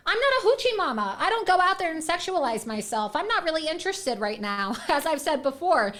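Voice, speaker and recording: A young woman hosts her own show and delivers a fiery monologue straight to camera. Her voice sits high and bright, and she is sarcastic, defiant and blunt, with profanity and quick laughs between jabs. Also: very animated. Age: young adult. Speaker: host of an online political show. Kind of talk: angry political monologue to camera.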